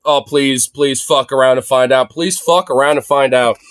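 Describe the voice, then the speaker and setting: A man's voice: mid-range voice, steady tone, moderate pace, fairly bright tone, clean tone, dry recording. A young man streaming live from his phone, ranting sarcastically and profanely through his commentary. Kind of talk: livestream commentary rant.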